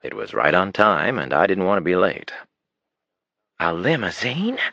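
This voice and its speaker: Deep-voiced man, gravelly, expressive audiobook narration, dry dull recording. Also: a little fast, no room sound. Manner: expressive reading, drops to a hushed tone in romantic passages.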